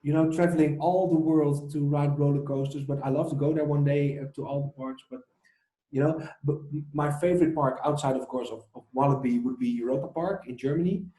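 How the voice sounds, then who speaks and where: A man with a Dutch accent, a podcast guest chatting casually, relaxed and repeating his words as he thinks. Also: on the high side, fairly quick. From Netherlands. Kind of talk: casual chat. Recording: echoey room.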